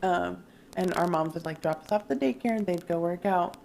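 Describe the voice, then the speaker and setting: A woman in her thirties with a gravelly, fry-touched voice co-hosts a casual podcast. She tells childhood stories animatedly and swears freely. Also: lowish voice, a little fast, a little mellow, a little hiss or hum. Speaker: podcast co-host. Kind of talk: casual chat.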